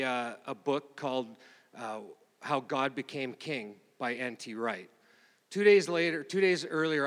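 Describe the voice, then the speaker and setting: Middle-aged male pastor, slightly high voice, chatty, rambling sermon delivery, long hall reverb. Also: a bit bright. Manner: rambling, conversational, with many fillers and restarts. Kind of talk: informal sermon. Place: church meeting room.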